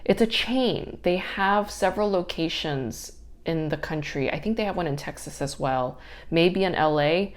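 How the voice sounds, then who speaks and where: A young woman from the New York area hosts a podcast, telling a story casually with lots of swearing and animated, exasperated ranting. Her voice is fairly low in pitch and moves at a moderate pace.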